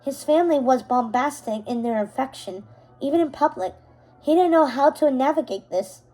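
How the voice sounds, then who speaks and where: High-voiced woman reading a novel aloud. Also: faint music behind, poor audio. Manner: steady, unhurried reading with small self-corrections. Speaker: narrator.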